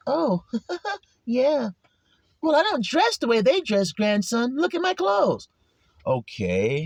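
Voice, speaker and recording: Brief: high, lively male preacher, blunt and profane, keeps quizzing the listener. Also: no room sound. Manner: blunt, profane, teasing, rhetorical questions. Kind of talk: casual street sermon.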